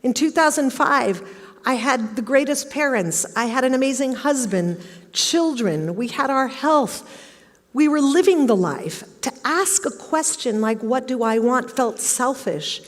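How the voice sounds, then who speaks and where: Middle-aged woman, motivational stage talk, fairly high voice, long hall reverb. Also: animated, measured pace. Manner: storytelling, acts out quoted questions. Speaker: speaker giving a talk. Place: large auditorium.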